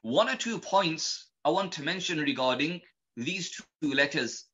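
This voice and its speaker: A man teaching pronunciation in a slow, methodical lesson, patiently repeating each point. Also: on the high side, expressive, fairly bright tone, muffled recording. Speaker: Quran recitation teacher.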